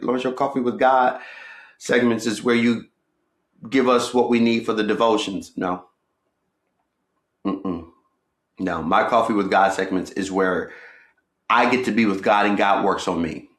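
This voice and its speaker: A man with a lowish voice hosts a casual devotional podcast, chatting in a playful, conversational way. His talk swings from quick jokes to gentle encouragement. The room around him rings with noticeable echo. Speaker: podcast host.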